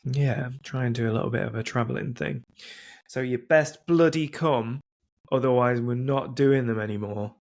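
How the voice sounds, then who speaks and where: Male host, brisk, keeps things moving, mid pitch. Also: creaky, darkish tone. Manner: brisk, businesslike, steering the talk. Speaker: podcast host. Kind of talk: casual chat.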